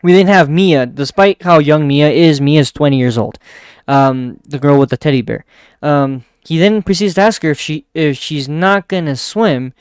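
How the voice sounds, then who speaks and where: A man casually retells a manga chapter, often chuckling as he goes. He drops into a softer voice for the characters' lines. His voice is smooth and a little high, recorded dry and close. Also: moderate pace, no echo. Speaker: manga reviewer.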